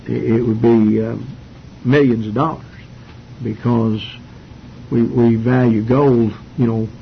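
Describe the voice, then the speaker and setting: A man's voice: fairly even intonation, slow, creaky. A man teaching through a Bible passage in an informal, folksy way, with frequent fillers and restarts. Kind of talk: informal Bible study sermon. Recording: dull lo-fi recording with faint rumble.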